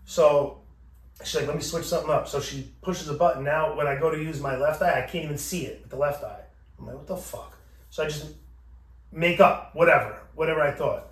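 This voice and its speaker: A man with a fairly high voice tells a story in casual, foul-mouthed style, acting out every character's lines. He sits back from the mic in a bare, echoey room. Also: fairly quick, far from the mic. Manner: profane, animated, acting out both sides of the exchange. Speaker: podcast host.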